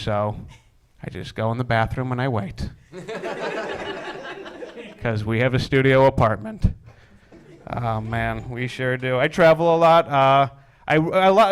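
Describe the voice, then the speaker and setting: A young man performing a stand-up comedy set, deadpan with wry asides that build into exasperated rants. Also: mid-range voice, clear, resonant tone. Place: comedy stage before a live audience.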